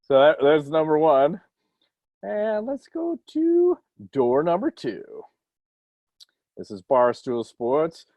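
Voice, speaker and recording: Animated man co-hosting a podcast. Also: a little high, takes it slowly, pauses often, no room sound, highs cut off. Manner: animated, breaks into mocking put-on quotes. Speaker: podcast co-host. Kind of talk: casual chat.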